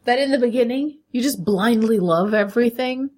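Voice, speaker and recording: A woman co-hosting a podcast, chatty and animated, laughing often in casual chat. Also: a little high, moderate pace. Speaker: podcast co-host.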